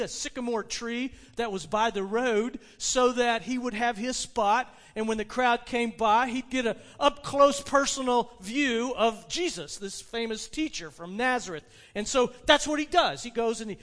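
A man preaching a sermon, retelling a story with animated delivery and frequent restarts. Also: very high-pitched. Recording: long hall reverb.

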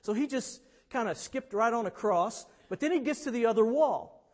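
A man preaching, a dramatic storyteller who swings from hushed to loud. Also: very high voice, animated, normal speed. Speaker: pastor. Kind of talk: sermon storytelling. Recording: long reverb in a hall.

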